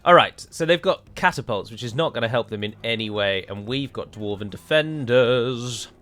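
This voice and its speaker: A man's voice: mid-range voice, expressive, normal speed, pushed and bright. A man giving chatty, wry commentary while playing a strategy game, wandering into rambling asides. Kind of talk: gameplay commentary.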